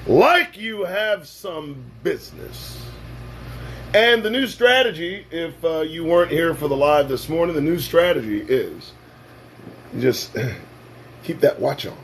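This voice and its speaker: A man hosting his own show, delivering a sarcastic, profane, preachy monologue that swings from loud bursts to low asides. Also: a little hiss or hum. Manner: preachy, sarcastic, swears freely. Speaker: talk show host.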